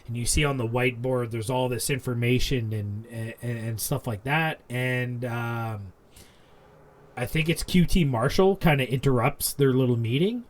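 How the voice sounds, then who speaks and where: A man chatting on a wrestling podcast at an ordinary middle pitch. He rambles excitedly through stories, stumbling over restarts as he goes. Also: moderate pace. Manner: rambling, animated retelling with restarts. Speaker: podcast co-host. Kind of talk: casual wrestling podcast chat.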